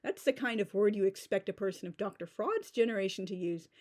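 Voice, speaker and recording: A woman's voice: mid-range voice, fairly quick, a little mellow. A woman in her forties giving a sarcastic, exasperated rant as a book reviewer. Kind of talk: ranting book critique.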